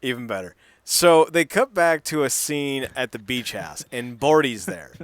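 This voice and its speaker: A man's voice: mid-range voice, expressive, unhurried, no echo. A young man co-hosting a podcast in casual chat, spinning silly story beats and laughing along. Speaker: podcast co-host.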